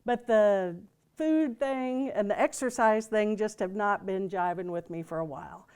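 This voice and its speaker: Speaking to a group in a gathering room, a woman reverend delivers a loose, joking sermon full of fillers and restarts. Her voice is medium in pitch, smooth and a touch mellow, and she keeps a measured pace.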